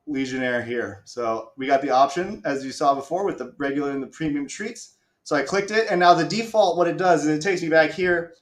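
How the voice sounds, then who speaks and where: A man's voice: a little high, echoey room. A man hosting a live stream, casually walking viewers through a game demo with self-mocking asides and the odd swear. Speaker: stream host.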